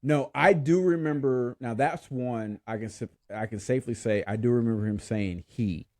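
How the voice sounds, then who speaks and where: A man's voice: medium pitch, normal speed, a little mellow, no echo. A man hosting a podcast in casual chat, laughing often and stumbling over his words. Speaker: podcast host.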